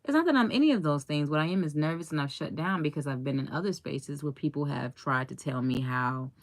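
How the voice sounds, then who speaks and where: A woman's voice: low-pitched, a little fast, no echo. A young woman life coach in casual chat with a live audience, chatty and laughing often as she tells stories.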